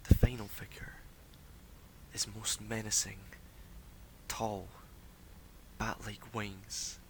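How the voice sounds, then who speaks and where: A man voicing a male seer who tells a vision in a slow, solemn whisper, as whispered role-play. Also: on the low side, little pitch movement, low-quality recording. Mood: ominous. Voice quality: hushed, breathy whisper.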